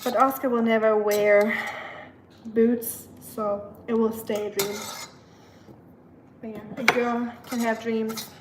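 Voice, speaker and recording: A woman with a slightly high voice chats on a live stream while she cooks in her kitchen. She talks easily to her dog and reads out viewer comments between tasks. Dishes and pans clatter clearly in the background. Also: little pitch movement, takes it slowly, noisy background. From learned British English. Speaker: livestream host. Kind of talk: casual live-stream chat while cooking. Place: home kitchen. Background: kitchen clatter of dishes and pots.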